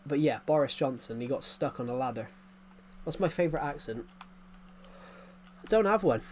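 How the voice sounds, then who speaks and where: A man's voice: medium pitch, lively intonation, moderate pace, long pauses, a little hiss or hum. Rambling streamer guy. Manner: rambling, repeats phrases, frequent chuckles. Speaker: game streamer. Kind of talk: casual live-stream chatter.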